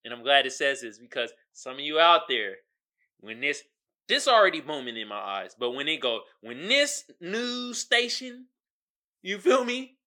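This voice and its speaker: A man hosting his own solo podcast in casual, slangy chat, animated and laughing, with sudden loud outbursts, talking straight to his listeners. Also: a little high, a little slow. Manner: slangy, addresses listeners directly. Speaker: podcast host.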